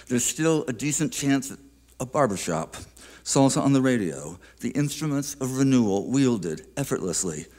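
A man giving a poetry reading at a museum, introducing his poem in a reflective, unhurried way with small hesitations, then reading it aloud. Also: on the low side, darkish tone. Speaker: featured poet. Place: live reading in an art museum.

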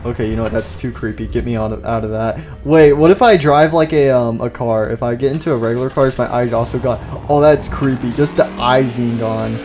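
Excitable young man doing game commentary. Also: mid-range voice, a little fast, few pauses, a little hiss or hum. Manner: excitable, loud outbursts and goofy jokes. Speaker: gaming YouTuber. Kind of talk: casual gameplay commentary.

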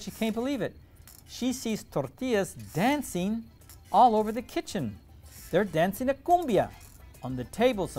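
A man reading a children's storybook aloud, animated, with dramatic pauses. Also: sits high.

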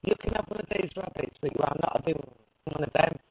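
Woman doing a mean little old american lady, low threatening voice, muffled lo-fi sound. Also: fast, breathy edge, distant mic. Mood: hostile. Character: tiny nasty old woman, menacing. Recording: lo-fi audio.

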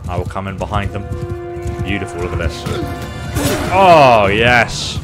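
Cheeky man, low voice, game commentary. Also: level tone, quick pace. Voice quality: playful, taunting enemies, cheeky banter. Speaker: gameplay commentator. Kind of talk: let's play commentary. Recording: faint background game music.

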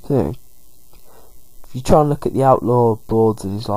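A man narrating a video game in a casual, rambling walkthrough. His voice is mellow and warm, with a husky edge. He sits at a middling pitch. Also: normal speed, rough recording. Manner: chatty, rambling. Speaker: game commentator.

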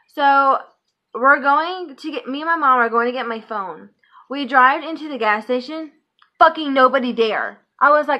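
A woman's voice: sits high, expressive, a little fast, muffled recording. Chatty profane young woman vlogging. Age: 20s. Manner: chatty, profane, filler-heavy. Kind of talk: casual storytime vlog.

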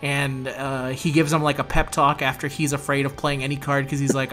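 A man's voice: mid-range voice, little pitch movement, fairly quick, hardly any pauses, fairly bright tone, soft background music. A man hosting a casual gaming commentary, reading a card game story aloud and laughing, joking and swearing as he reacts.

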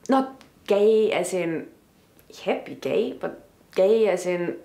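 A woman's voice: fairly low pitch, lively intonation, creaky, dark tone, exaggerated voice. Awkward young Austrian woman, as an actress plays her. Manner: hesitant, halting and self-conscious. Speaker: aspiring comedian. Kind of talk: sitcom acting.

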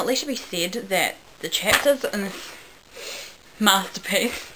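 A woman's voice: lowish voice, sharp tone, a little hiss or hum, low-quality recording. A woman doing a comic dramatic reading of her own childhood fan fiction, with wry, self-mocking asides. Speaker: video creator.

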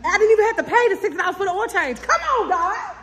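A woman's voice: very high-pitched, lively intonation, very fast, a loud crowd. A woman, vlogging casually and talking effusively straight to her viewers. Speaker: family vlogger. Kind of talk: casual vlog to camera. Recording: echoey room with noise.

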